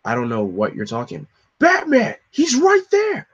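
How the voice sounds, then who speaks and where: Guy doing a grieving young dude, yelling and demanding, pushed way up high. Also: wildly swooping pitch, moderate pace, slightly rough, lo-fi sound, heavily acted. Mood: angry, demanding. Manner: shouting, insistent.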